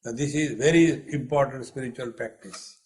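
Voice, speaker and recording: A man's voice: medium pitch, moderate pace, a little mellow. Playful male spiritual teacher. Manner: playful, teasing, acts out dialogue in stories. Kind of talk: spiritual discourse with humorous anecdotes. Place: lecture hall.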